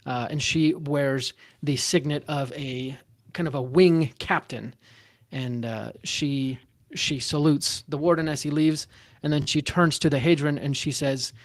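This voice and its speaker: A male game master narrates a tabletop one-shot in a halting way, stopping and restarting often between his fillers. His voice sits slightly high and sounds dry and close. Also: no room sound.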